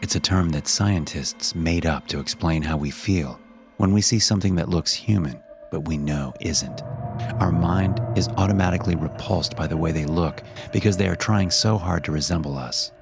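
Deep-voiced man narrating a horror story. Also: moderate pace, vocal fry. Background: music.

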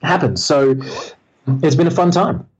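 A man's voice: a little high, animated, measured pace, husky. A man, a guest in a casual interview, telling his story candidly with self-deprecating humor and many restarts. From Australia. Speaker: guest entrepreneur. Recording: slightly muffled lo-fi audio.

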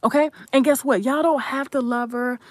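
A woman's voice: high voice, fairly even intonation, normal speed, no echo, studio quality. A young adult woman content creator giving a blunt, profane, emphatic commentary rant.

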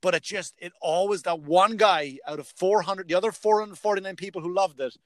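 A man's voice: high voice, a little fast, a bit bright, dry recording. A male stand-up comedian in casual chat, telling stories from his gigs, swearing freely and acting out what others said. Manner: storytelling, swears freely, acts out other people's lines.

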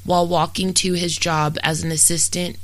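A true-crime podcast host reads a scripted account in a steady, matter-of-fact way and turns blunt and profane in casual asides. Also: mid-range voice, normal speed, dry recording, low-quality recording.

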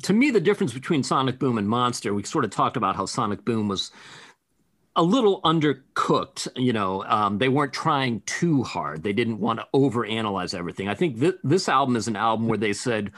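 Man, podcast host, animated delivery, dry recording. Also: medium pitch, no room sound. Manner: lively, quick, hands off to others. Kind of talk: casual chat.

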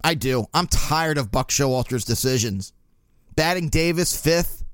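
A man's voice: on the high side, animated, a little slow, fairly bright tone, clean tone, dry recording, clean studio sound. A young man hosting a casual sports talk podcast, rambling in a sarcastic, exasperated way. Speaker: podcast host.

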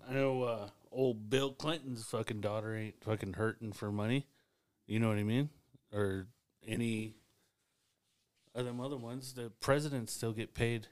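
Blunt, swearing, low-voiced guy. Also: no room sound. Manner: blunt, enthusiastic, swears often. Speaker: podcast co-host. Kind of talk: casual chat.

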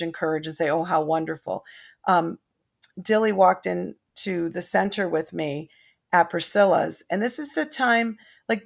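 A woman's voice: mid-range voice, creaky. An older woman telling long family anecdotes in casual chat, rambling with many restarts.

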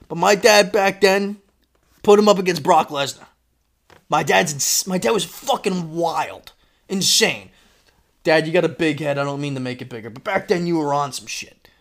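A man with a slightly high voice tells a story on a casual podcast. He talks in an animated way and acts out the shouted lines of the people in it. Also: normal speed, vocal fry. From Florida. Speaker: podcast host.

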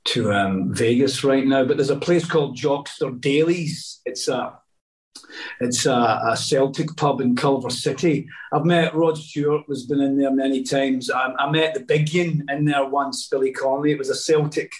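A man's voice: medium pitch, steady tone, moderate pace. A middle-aged man, a guest actor telling rambling stories in casual chat, full of restarts and asides. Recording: voice a bit distant from the mic.

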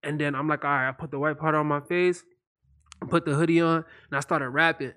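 A man's voice: on the high side, fairly even intonation, a little fast, pushed and bright. A young man, a comedy video creator, tells stories casually in loose slang with lots of fillers. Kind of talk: casual podcast chat.

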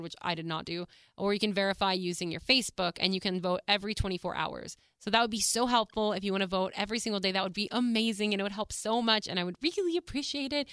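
A woman with a mid-range, slightly bright, smooth voice hosts her own podcast from a small studio, with no room sound. Out of breath, she chats casually and bubbly on her solo show, full of fillers and laughter.

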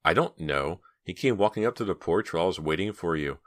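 A man voicing teenage girls in an audiobook, raising his voice above his own low register for their dialogue. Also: expressive, fast, no echo, clean studio sound. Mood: chatty. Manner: lifts his voice higher and louder for the girls.

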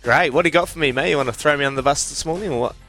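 A man's voice: on the high side, very fast, a bit bright, soft background music. A man with a New Zealand accent hosting a radio quiz, joking and laughing with callers. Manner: joking, laughs often, calls callers mate and brother. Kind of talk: casual radio banter.

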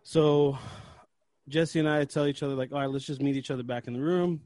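A man's voice: a little high, steady tone, fairly quick, darkish tone, no room sound. A young man co-hosting a casual podcast, telling a story with lots of swearing and acting out his own breathlessness. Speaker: podcast co-host.

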